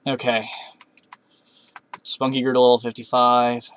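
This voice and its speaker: A man's voice: mid-range voice, slow, long pauses, a bit bright, no echo, lo-fi sound. A man giving casual commentary while playing a video game, talking to himself and cursing at setbacks. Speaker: Let's Play gamer.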